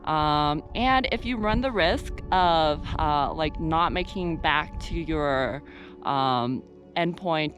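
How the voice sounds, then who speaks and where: A woman's voice: fairly low pitch, fairly bright tone. A young woman vlogging while hiking a mountain trail, chatting playfully to the camera with plenty of fillers, at times out of breath. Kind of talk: casual vlog while hiking.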